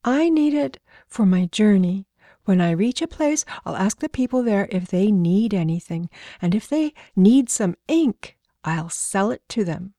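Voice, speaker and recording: A woman's voice: medium pitch, expressive, measured pace, dark tone, no room sound, studio quality. A woman reading aloud, voicing an eager, bossy little girl in a storybook.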